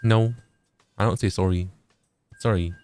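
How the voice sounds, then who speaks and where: Deadpan man in a put-on Canadian accent. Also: low voice, unhurried, clear, resonant tone, faint music behind. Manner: deadpan joking bit, tags lines with "eh". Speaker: co-streamer guest. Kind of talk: casual game-stream chat.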